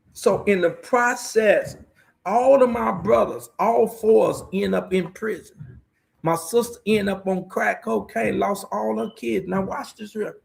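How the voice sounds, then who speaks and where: Middle-aged male pastor, very gravelly, raised pitch, emotional preaching testimony. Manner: preaching storyteller, repeats "watch this here". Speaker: pastor guest.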